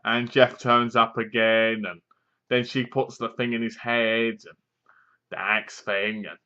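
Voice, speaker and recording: A man's voice: on the low side, level tone, unhurried, bright, forceful tone, clear, resonant tone, lo-fi sound. A man reviewing a horror film in a casual, rambling, sarcastic way. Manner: sarcastic, mocking, meandering.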